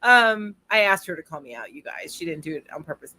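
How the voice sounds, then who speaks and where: A woman co-hosting a casual crochet livestream over a video call, chatty and quick to laugh. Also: fairly low pitch, sing-song, bright, forceful tone, dry recording. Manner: bubbly, laughs often, chatty asides.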